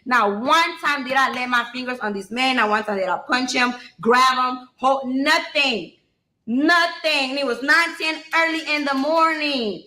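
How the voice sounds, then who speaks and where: A woman with a high, bright voice tells her own story with raw emotion. She is blunt, swears freely and keeps talking straight to her listeners. The sound carries a roomy echo. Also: measured pace.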